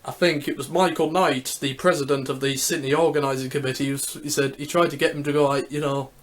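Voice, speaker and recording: Halting, fairly high-voiced man vlogging. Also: steady tone. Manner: hesitant, repeats words, leans on "so yep"; searches aloud for words. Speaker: YouTuber ranking Olympic Games. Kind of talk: casual vlog commentary.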